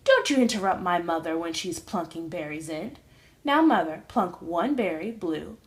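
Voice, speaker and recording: A woman's voice: on the low side, animated, moderate pace, voice pushed down, low-quality recording. A woman voicing a smug, rambling male glunk creature in a read-aloud storybook. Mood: smug chatter. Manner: gabbing, rambling, sweetly pushy.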